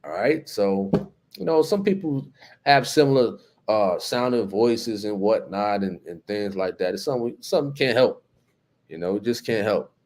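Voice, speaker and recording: Laid-back lower-voiced New Jersey man. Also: lively intonation, moderate pace, a little mellow. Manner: reads out viewer comments and greets viewers by name, laid-back, many fillers. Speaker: host of a live chat stream. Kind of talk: casual live-stream chat.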